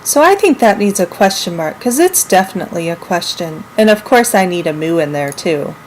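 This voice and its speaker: A woman teaching a lesson to young children, speaking clearly and acting out example sentences with lively expression. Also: fairly low pitch, a little fast, a little hiss or hum, low-quality recording. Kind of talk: model classroom minilesson.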